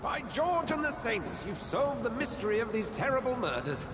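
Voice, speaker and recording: An actor voicing a proper, old-fashioned gentleman in a video game, brisk and hearty. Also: extremely high pitch, very animated, long reverb tail, very noisy. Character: hearty middle-aged gentleman with a boat. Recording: loud game music behind.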